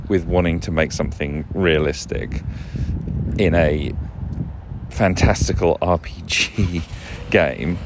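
Slow, deep-voiced rambling man. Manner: rambling, self-interrupting, wry. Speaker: podcast host. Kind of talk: casual solo podcast monologue. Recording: noisy background.

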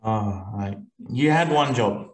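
A man's voice: mid-range voice, expressive, measured pace. A man appearing as a guest on a podcast, chatting in an easygoing, agreeable way. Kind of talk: casual chat. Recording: echoey room.

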